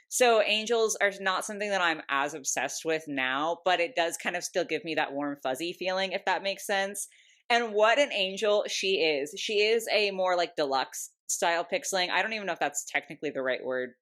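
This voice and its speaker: Woman, young adult, lowish pitch, chatty, gushing, casual vlog. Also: fairly bright tone. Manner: gushing, chatty, lots of "like" and laughs. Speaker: doll collector YouTuber.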